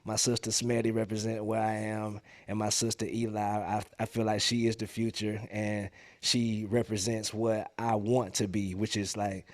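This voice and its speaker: A man, a musician guest, talking in casual podcast chat, relaxed, slangy and heartfelt. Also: lowish voice, normal speed, dry recording, studio quality.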